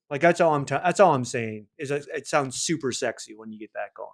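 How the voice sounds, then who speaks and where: A man hosting a podcast in a casual interview chat, teasing his guest with quick, laughing banter. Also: mid-range voice. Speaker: podcast host.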